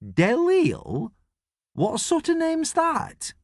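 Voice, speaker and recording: A man putting on a loud, slow-shouting old nan. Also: high-pitched, wildly swooping pitch, no room sound, voice pushed up, full character voice. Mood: blunt. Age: older. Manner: shouts slowly and deliberately. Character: loud blunt elderly British nan. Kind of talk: audiobook character voice. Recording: dry studio sound.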